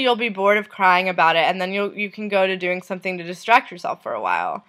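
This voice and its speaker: A woman vlogger reading messages aloud, in a soft, unhurried voice that trails off at the end of lines. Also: mid-range voice.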